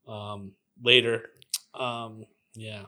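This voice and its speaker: A man's voice: on the low side, very slow. A man in his fifties from Los Angeles, a graffiti artist telling stories as a guest and acting out the voices of the people in them. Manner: animated storyteller who acts out the voices of people in his stories. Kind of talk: casual storytelling interview.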